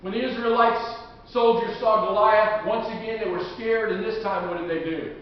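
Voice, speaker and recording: A man preaching a sermon in a very high voice, folksy and joking but rising to fervent shouts. He is heard from far off in a church sanctuary with heavy, long reverb. The sound is dull and muffled. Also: fairly even intonation, moderate pace. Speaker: pastor. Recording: echoey hall, distant dull mic.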